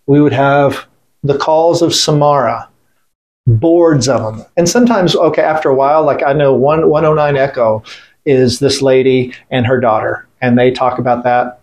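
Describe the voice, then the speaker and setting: A man's voice: medium pitch, normal speed, darkish tone. A middle-aged man being interviewed, telling a war story in a blunt, rambling way, full of profanity and restarts. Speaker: veteran guest.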